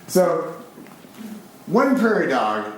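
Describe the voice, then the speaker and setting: A man from the United States, giving a live public lecture in an excitable, animated, casually profane way. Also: fairly high pitch, extremely slow, a little hiss or hum. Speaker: speaker giving a public talk. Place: large concert hall with an audience. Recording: very echoey live hall recording.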